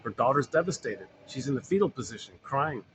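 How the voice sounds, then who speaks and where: A man's voice: mid-range voice, expressive, fairly quick, background noise. A man lecturing informally on psychology, rambling and repeating phrases with frequent fillers. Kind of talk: informal recorded talk.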